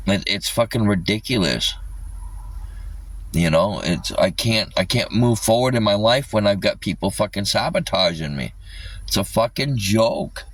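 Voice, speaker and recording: A man's voice: lowish voice, animated, a little slow, no echo. A man livestreaming an agitated rant, swearing constantly, with his voice a little distant from the mic.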